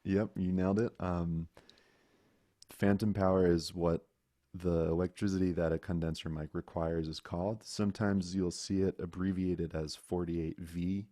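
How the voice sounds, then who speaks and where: A man's voice: sits low, fairly even intonation, normal speed, dark tone, dry recording, studio quality. A man teaching an online class about microphones, explaining patiently and showing how mic distance changes the sound. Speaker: audio instructor. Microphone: microphone close up, video call.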